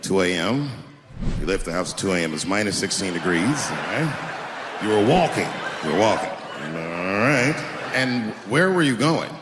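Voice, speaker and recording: Brief: man putting on a weary veteran cop taking a report, lowered deadpan voice, stand-up bit in a roomy theater. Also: normal speed, noisy background. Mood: deadpan questioning. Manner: low, flat, patient questioning. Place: large theater stage. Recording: roomy hall with long reverb.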